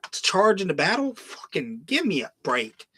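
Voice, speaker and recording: A man's voice: high voice, wildly swooping pitch, normal speed, sharp tone, slight background noise. A man hosting a podcast, ranting in casual, heavily profane commentary, now and then mocking film lines in a put-on voice. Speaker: podcast host.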